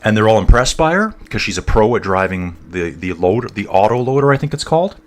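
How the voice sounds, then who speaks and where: A middle-aged man talks through a live stream of a cycling race in a loose, rambling way. He keeps drifting off topic and calls his viewers "guys" and "dude". His voice sits on the low side. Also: big pitch swings, fairly quick. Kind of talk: casual live-stream commentary, chatting with viewers.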